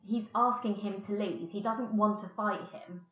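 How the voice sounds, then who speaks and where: A woman's voice: medium pitch, fairly even intonation, unhurried, a bit bright. English woman teacher in a roomy room. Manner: explains and reads quotations plainly. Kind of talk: recorded remote lesson. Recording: roomy, dull lo-fi sound.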